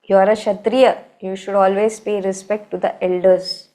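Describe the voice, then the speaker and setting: A woman's voice: medium pitch, moderate pace, lightly acted. Woman telling of a frail old monkey sage, Indian English. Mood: gently chiding. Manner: pleading, then calmly instructive.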